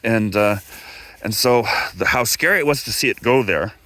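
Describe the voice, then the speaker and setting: A man's voice: lively intonation, moderate pace, fairly bright tone, no echo. A middle-aged man from Canada telling stories in a loose, digressive way, full of fillers and restarts, lifting his voice when he acts out what people said. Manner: acts out quoted dialogue with raised pitch. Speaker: guest speaker, former electrical instructor. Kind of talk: casual storytelling talk.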